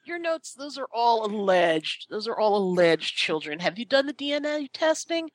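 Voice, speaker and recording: Hesitant woman player, halting speech. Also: on the high side, big pitch swings, no echo. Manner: hesitant, halting, full of restarts. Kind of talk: casual tabletop play.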